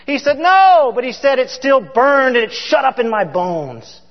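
High-voiced impassioned male preacher in a hall. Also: very animated, normal speed. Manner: impassioned, swings from loud to hushed. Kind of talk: sermon. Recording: dull, reverberant hall sound.

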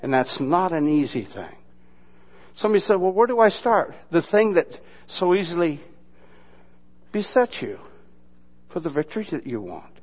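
A man's voice: on the high side, big pitch swings, moderate pace, pauses often, husky. Mocking, folksy preacher man, lo-fi. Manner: folksy, mocking humor with sudden loud imitations. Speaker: pastor. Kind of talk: sermon. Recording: dull lo-fi sermon recording.

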